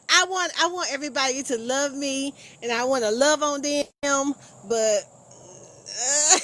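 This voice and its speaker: A woman's voice: high-pitched, bright, forceful tone, a little hiss or hum. A woman hosting a casual live stream, chatting with viewers, teasing and laughing often.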